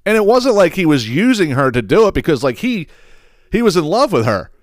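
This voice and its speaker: A man hosting his own podcast, telling a story in a casual, profane and animated way, acting out the quotes. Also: high voice, a little fast, dry recording, clean studio sound. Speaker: podcast host.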